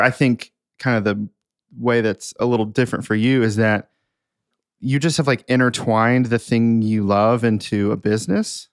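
Gravelly, chatty young man co-hosting. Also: mid-range voice, dry recording, clean studio sound. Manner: chatty, quick, laughs easily, lots of fillers. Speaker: podcast co-host reading listener questions. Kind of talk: casual internal company podcast.

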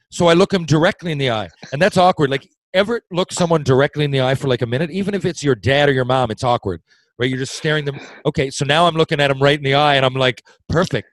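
A middle-aged man, a former hockey player, telling a story in a casual chat, animated and swearing freely. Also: fairly high pitch, fast, no echo, poor audio. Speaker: retired hockey player, podcast guest storyteller.

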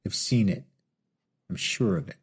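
A man's voice: lowish voice, unhurried, husky. A man voicing a hapless man turned gunslinger, speaking in an earnest, pleading tone.

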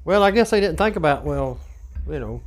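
A man co-hosting a casual podcast chat, quick to laugh and chiming in with short reactions. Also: a little high, expressive. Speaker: podcast co-host.

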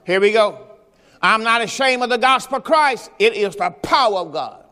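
A man preaches his Sunday sermon, his voice sitting unusually high for a man. He reads scripture and asks his listeners questions in a homespun, conversational way. The sound rings with the long reverb of a church hall. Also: lively intonation, moderate pace, pushed and bright. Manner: folksy preaching with scripture quotes and rhetorical questions. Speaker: pastor. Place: church during Sunday service.

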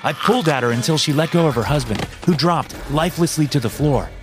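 A man's voice: fairly high pitch, fast talker, music in the background. A man narrating a scripted horror story for a podcast, dramatic and acting out the lines. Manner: dramatic, acts out quoted lines.

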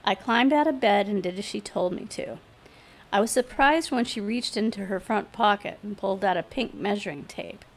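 A woman narrating a first-person story aloud in a steady, matter-of-fact reading voice. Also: mid-range voice, moderate pace. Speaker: story reader.

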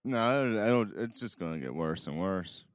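A man's voice: sits low, lively intonation, brisk. A man co-hosting a podcast, telling stories in casual chat with lots of swearing and acted-out quotes. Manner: profane storyteller, acts out quotes. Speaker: podcast co-host.

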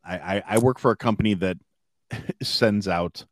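A man co-hosting a podcast in casual chat, speaking haltingly with many restarts and a dry manner. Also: lowish voice, no echo. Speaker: podcast co-host.

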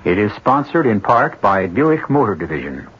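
A man hosting and narrating a radio mystery drama in a wry, measured way. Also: on the low side, very animated, fairly bright tone, breathy edge. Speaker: host and narrator. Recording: hissy lo-fi radio broadcast.

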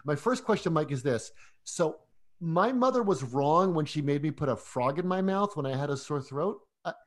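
A man with a somewhat high voice chats casually as a podcast co-host. He talks in an animated way and keeps stumbling into restarts as his thoughts run ahead of him. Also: moderate pace. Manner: animated, chatty, frequent restarts. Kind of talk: casual film discussion.

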